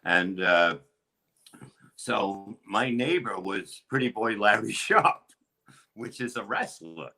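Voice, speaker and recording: A middle-aged man, a comedian, telling crude stories in a rambling, animated way with lots of restarts. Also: lowish voice, takes it slowly, rough recording. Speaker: comedian guest. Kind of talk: casual storytelling chat.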